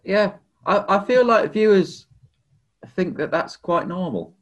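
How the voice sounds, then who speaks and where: A man co-hosting a casual film podcast, halting and giggly, often trailing off. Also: high-pitched, very animated. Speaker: podcast co-host.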